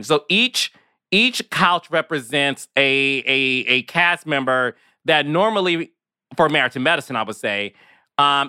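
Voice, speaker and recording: A man's voice: mid-range voice, pushed and bright, clean tone, no room sound, studio quality. A man hosting a podcast, explaining things to his listeners. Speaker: podcast host, TV executive. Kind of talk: podcast interview commentary.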